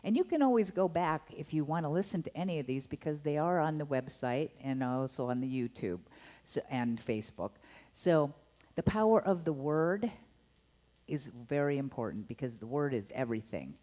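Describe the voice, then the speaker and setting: A woman minister preaches a Sunday sermon in a low, mellow voice. Her pitch swoops up and down with a lot of life. She talks in a playful, chatty way and acts out the tones she describes. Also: normal speed. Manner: animated and playful, acting out scolding tones with laughs. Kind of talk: Sunday sermon to a live and online congregation. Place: church service.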